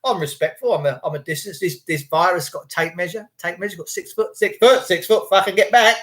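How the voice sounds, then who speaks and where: A middle-aged man, ranting crudely in a casual monologue. He swears, mocks others and jumps up into high voices to mimic people. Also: fairly quick, a bit bright.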